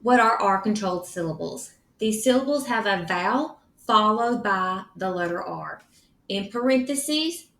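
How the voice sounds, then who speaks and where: A woman with a slightly low voice walks through a phonics lesson. She talks slowly and clearly, sounding out each syllable the way a patient reading tutor would. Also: a bit bright. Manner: slow, clear, instructive, sounds out words.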